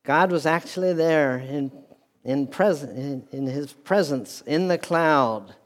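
A man preaching a sermon as pastor, speaking deliberately and repeating key phrases for emphasis. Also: a little high. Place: church hall with a speaker system. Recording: long reverb in a hall.

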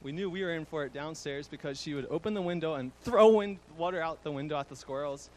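A man's voice: on the high side, quick pace, darkish tone, rough recording. A young man giving a fond eulogy for his grandmother, chuckling often and using fillers. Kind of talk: eulogy speech.

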